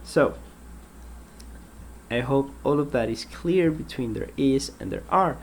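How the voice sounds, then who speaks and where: A man teaching an English grammar lesson, patient and explanatory, repeating example sentences and pausing with ums. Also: medium pitch, expressive, slight background noise.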